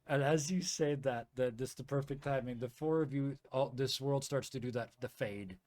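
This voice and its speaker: Man, game master, playful descriptive narration, mid pitch, dead-dry mic. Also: moderate pace, a little mellow, dry recording.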